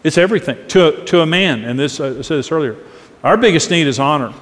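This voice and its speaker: A man's voice: a little high, animated, brisk. A middle-aged man preaching a sermon on marriage, earnest and emphatic, acting out different tones of voice as examples. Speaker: pastor teaching on marriage. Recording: long reverb of a large hall.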